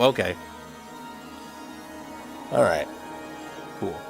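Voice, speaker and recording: A man talks his way through a livestream, rambling and thinking aloud as he works. His voice swings freely up and down, sitting in a middle pitch, with faint music playing underneath. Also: animated, moderate pace, long pauses, a bit bright. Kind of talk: casual livestream chat while coding.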